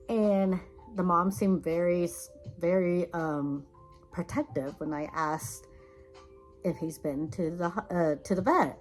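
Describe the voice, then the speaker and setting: A woman vlogger telling rambling, animated stories in a casual chat, laughing now and then. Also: on the low side, unhurried, faint music behind, low-quality recording.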